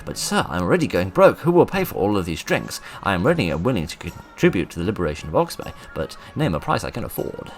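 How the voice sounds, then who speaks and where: A man's voice: low-pitched, very animated, quick pace, hardly any pauses. A man voicing a polite, earnest young male adventurer in a video game.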